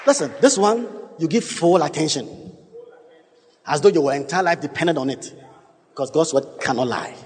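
A man preaches to his congregation with a slightly high voice, pressing his points hard and throwing questions out to the room. His voice jumps up sharply on key words. Long reverb from a church hall trails after each phrase. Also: background noise. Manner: emphatic, call-and-response with congregation, sudden pitch jumps. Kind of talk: sermon.

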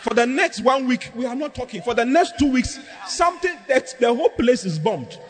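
A man preaching a sermon as pastor, humorous and animated, drawing responses from the congregation. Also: very high-pitched, normal speed. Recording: echoey hall, faint background noise.

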